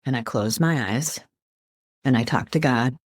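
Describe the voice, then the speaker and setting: A woman guest who is a life coach and minister, talking earnestly about faith and quoting scripture in an animated, preacherly way. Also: extremely low pitch, a little slow, breathy edge, no room sound, clean studio sound. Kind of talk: earnest faith-based teaching in conversation.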